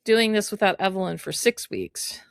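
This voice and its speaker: A woman co-hosting a podcast, guiding the conversation in a measured way and recapping earlier episodes. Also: mid-range voice, vocal fry, no echo, studio quality. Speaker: podcast co-host. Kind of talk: candid personal conversation.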